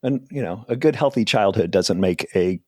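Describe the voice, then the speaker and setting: A man's voice: lowish voice, animated, normal speed, a little mellow, no echo, clean studio sound. A man in his forties from New Jersey, a comedian chatting as an interview guest in a rambling, self-deprecating way and laughing often. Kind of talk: casual interview chat.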